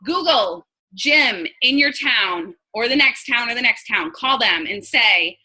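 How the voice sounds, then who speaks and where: Woman, 30s, from New York, blunt and chatty team coach, bright and fairly high voice. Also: lively intonation, measured pace, breathy edge, low-quality recording. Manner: chatty, blunt, acts out quoted dialogue. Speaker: direct sales team leader. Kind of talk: casual coaching talk on a live video.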